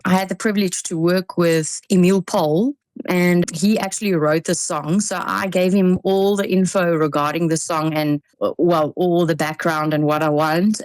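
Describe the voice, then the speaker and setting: A woman's voice: on the low side, a little mellow, dry recording. South african young woman on breakfast radio, laughs a lot, chatty, dry close mic. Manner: giggly, chatty, with frequent fillers and restarts. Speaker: singer-songwriter guest. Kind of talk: radio interview. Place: radio studio.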